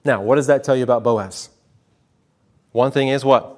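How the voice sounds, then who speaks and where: A man's voice: mid-range voice, normal speed. Guy giving a sermon, talks like a chat, keeps asking the room questions. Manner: conversational, asks the congregation questions, repeats words. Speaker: pastor.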